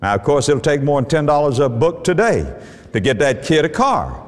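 A middle-aged man preaches in an emphatic, repeating cadence, his pitch swinging widely and sitting a little high. The sound carries a long hall reverb around it. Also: very animated, brisk. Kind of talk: sermon.

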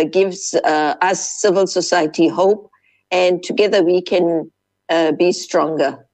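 Slow, halting woman. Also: lowish voice, darkish tone, no echo. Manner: halting, searching for words with many fillers. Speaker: civil society guest. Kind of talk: panel discussion.

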